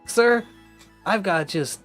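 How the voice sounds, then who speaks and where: Man mocking an eager 1950s patriot, gung-ho, earnest, raised pitch, faint music behind. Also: animated, slow pace, a bit bright, heavily acted.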